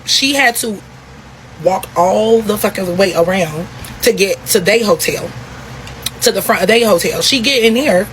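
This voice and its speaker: A young woman telling a story in a casual vlog, talking in a profane, animated, repetitive way. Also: medium pitch, unhurried, slight background noise, low-quality recording.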